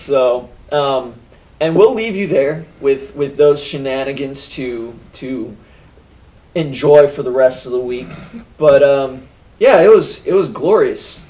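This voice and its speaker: A man who is a podcast host and game master, recapping a tabletop game session in lively, casual storytelling. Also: mid-range voice, slow pace. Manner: animated storytelling. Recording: dull lo-fi sound.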